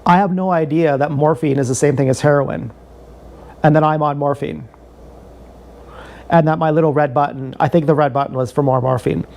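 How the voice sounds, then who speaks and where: A man's voice: a little high, steady tone, moderate pace, gravelly, pauses often, a little mellow. A young man telling a rambling, profane, joking story on a livestream, often repeating himself.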